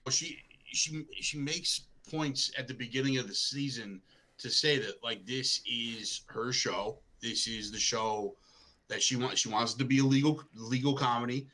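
A man's voice: medium pitch, fairly even intonation, moderate pace, pushed and bright. A man co-hosting a casual podcast chat, easygoing and thinking aloud. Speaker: podcast co-host.

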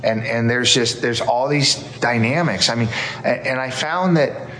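A man's voice: medium pitch, measured pace. A man, a guest author, talking earnestly in conversation and acting out quotes as he tells stories. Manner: earnest, storytelling with animated quotes. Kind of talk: casual conversation.

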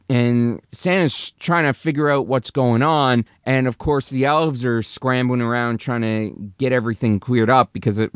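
A man giving a chatty, animated recap of a movie's plot, restarting sentences as he goes. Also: mid-range voice, smooth, no echo, clean studio sound.

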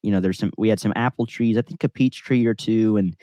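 A man's voice: on the low side, fast talker, warm tone, no echo. Dry-sounding man telling rambling stories. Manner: rambling, self-deprecating storyteller. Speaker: podcast host. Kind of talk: casual chat.

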